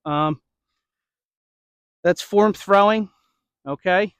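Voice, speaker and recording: Baseball coach demoing drills: a high-voiced man, slightly winded, checking in with "okay?" and "right?", in a dry, close recording. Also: drawn-out words, a bit bright, smooth, no echo. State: slightly out of breath. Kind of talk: instructional demo.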